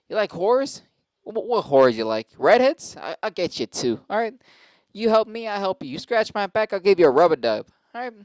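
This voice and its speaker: A sleazy male hustler oozing flattery, pitched well above a normal speaking voice, as a man puts him on. He is pushy and wheedling, leaning on every offer. The sound is smooth and dry, with no room around it. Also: no room sound. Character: sleazy fast-talking male schmoozer offering bribes.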